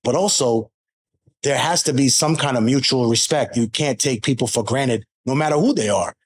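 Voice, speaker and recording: A man's voice: medium pitch, normal speed, slightly rough. A man as a podcast guest, telling stories in a blunt, profane and emphatic way. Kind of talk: casual interview talk, storytelling.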